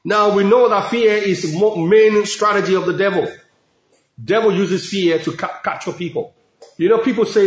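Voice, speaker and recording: A middle-aged pastor preaches a sermon in a high voice at a slightly quick pace, speaking emphatically, repeating phrases, and often crying out in praise. The room is echoey.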